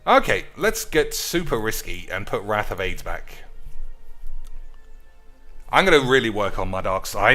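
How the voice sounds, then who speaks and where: A man commentating his card game stream in a crude, joking, excitable way. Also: fairly low pitch, unhurried, long pauses, soft background music.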